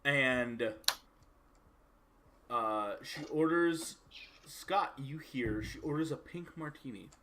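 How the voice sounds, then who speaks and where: A man acting as game master, narrating scenes and ruling on dice in a relaxed, searching way. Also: mid-range voice, slow pace, long pauses, slight background noise.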